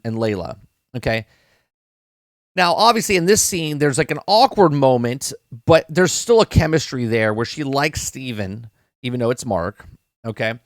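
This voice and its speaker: A man's voice: fairly high pitch, dry recording, clean studio sound. A man hosting a live-stream podcast, reviewing a TV episode in casual talk, rambling, repeating words and often checking in with "right?".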